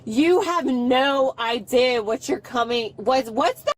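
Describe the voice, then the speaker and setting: A woman being arrested, talking back in a defiant, mocking way and breaking into shouts and laughter, caught by a police body camera in a car. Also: high-pitched, expressive, takes it slowly. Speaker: arrested driver. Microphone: officer's body camera.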